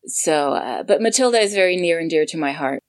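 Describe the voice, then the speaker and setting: A woman with a low voice chats as an interview guest. She gushes with enthusiasm and fills her talk with ums and uhs. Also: expressive, fairly quick. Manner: enthusiastic, gushing; many fillers. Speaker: voice actor guest. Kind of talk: casual interview chat.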